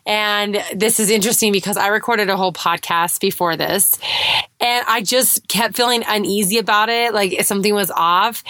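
A woman's voice: mid-range voice, a bit bright, no echo. Earnest life coach lady chatting on her podcast, middle-aged, dry close sound. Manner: earnest, reflective, with frequent restarts and "right?" asides. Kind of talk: casual solo podcast monologue.

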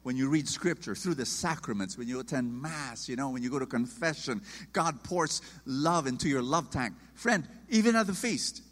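A man preaching a sermon, emphatic and animated, acting out quoted voices. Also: medium pitch, moderate pace, in a large hall.

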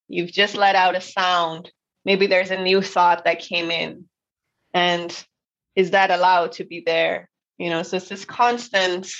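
A woman's voice: mid-range voice, a bit bright, dull audio. A woman guest who teaches voice work, talking earnestly and expressively in an interview, with many fillers and restarts. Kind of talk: conversational interview.

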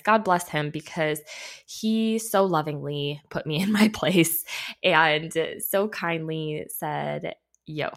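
A woman's voice: lowish voice, fairly bright tone. A young adult woman, a behavior analyst hosting a podcast, tells a candid story in a chatty, self-deprecating way and laughs as she talks.

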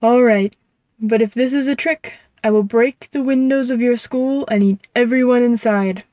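A woman voicing a huge, predatory female owl who talks in a calm, cooing, unhurried way, in a dull, dry recording. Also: a little high, no room sound, natural voice. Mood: curious.

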